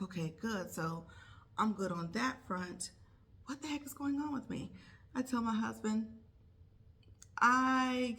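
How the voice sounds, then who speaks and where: A woman's voice: medium pitch, a bit bright. A woman who is a nurse, telling a casual vlog story and acting out her own thoughts in quotes. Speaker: nurse vlogger.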